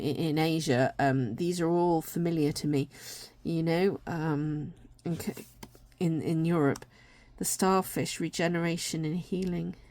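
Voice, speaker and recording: Lady rambling gently about cards, kinda tired and yawny, lowish voice, dry close sound. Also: dry recording. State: tired, yawning. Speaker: tarot and oracle deck reviewer. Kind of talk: casual deck walkthrough.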